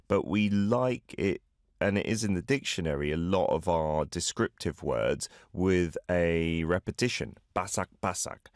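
A man hosting a Korean language show, playing listener clips and gently correcting their pronunciation. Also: deep voice, no room sound, studio quality. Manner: encouraging, explains pronunciation slowly. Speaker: host of a Korean learning show. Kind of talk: friendly radio-style language lesson chat.

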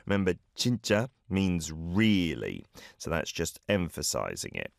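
A man hosting a Korean language show, playing listener clips and gently correcting their pronunciation. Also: low voice, wildly swooping pitch, creaky, no room sound, clean studio sound. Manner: encouraging, explains pronunciation slowly. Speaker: host of a Korean learning show. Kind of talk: friendly radio-style language lesson chat.

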